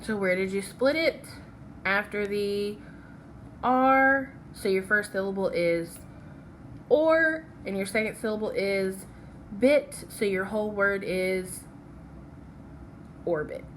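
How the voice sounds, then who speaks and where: A woman teaching phonics who moves slowly and patiently through each word. She stops often to ask "okay?" before going on. Her voice sits in an ordinary middle register, with a faint hiss of noise behind it. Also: mid-range voice, fairly even intonation, a bit bright. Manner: patient, checks in with "okay?" after each step. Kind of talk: phonics lesson with slides.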